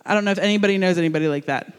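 A man from New Jersey giving a sermon as a youth pastor, telling a story in an animated, jokey, conversational way. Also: sits high, racing, clean tone, big-room sound.

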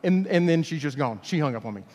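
Man from alabama, youth pastor sermon, high voice, long hall reverb. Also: animated, fast talker, dark tone, slight background noise. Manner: chatty storytelling, stumbling restarts. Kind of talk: sermon with a personal story.

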